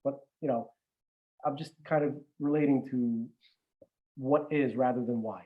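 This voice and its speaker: A man's voice: mid-range voice, fairly even intonation, a little slow, phone-quality sound. A man chatting casually as a regular podcast guest, rambling with many restarts and some swearing. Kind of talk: casual chat.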